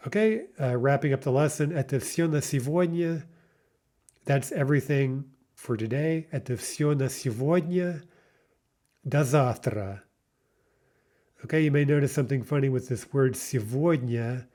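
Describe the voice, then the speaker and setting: A man teaching a recorded beginner language lesson, patiently explaining and repeating phrases slowly for learners. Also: mid-range voice, warm tone.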